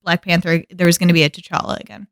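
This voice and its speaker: A woman co-hosting a podcast in casual chat, expressive and quick to laugh. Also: lowish voice, no echo, studio quality. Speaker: podcast co-host.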